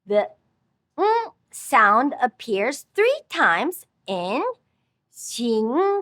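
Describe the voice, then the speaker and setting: A woman teaching a scripted language lesson, speaking slowly and clearly, with words spoken twice for the listener to repeat. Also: sits high, very animated, a bit bright, no room sound, clean studio sound. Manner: slow, careful, clearly enunciated instruction.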